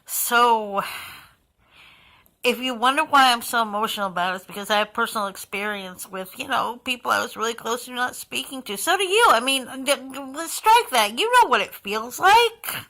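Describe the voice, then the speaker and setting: A woman's voice: on the high side, lively intonation, moderate pace, sharp tone, low-quality recording. A woman talking in an emotional, heartfelt personal vlog, rambling and sighing now and then. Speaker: vlogger.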